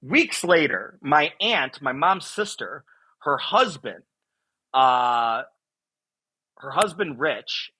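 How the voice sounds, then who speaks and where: A man from Buffalo, New York, recounting his own experience in a bright, forceful voice with a husky edge. He tells it in an animated way and acts out the lines he once shouted. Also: a little high, slow pace, long pauses, poor audio. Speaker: guest. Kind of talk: telling a personal story.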